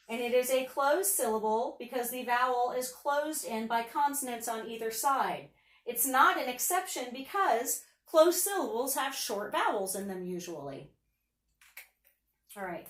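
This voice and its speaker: A woman's voice: a little high, fairly bright tone, roomy sound, far from the mic. A woman teacher giving a patient phonics lesson, sounding out letters and words for young students.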